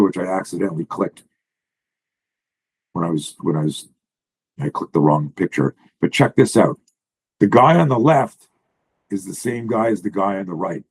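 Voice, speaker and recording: A man, a self-defense coach, explaining drills while sharing slides on a video call, blunt and profane in an animated way. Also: fairly low pitch, husky, rough recording.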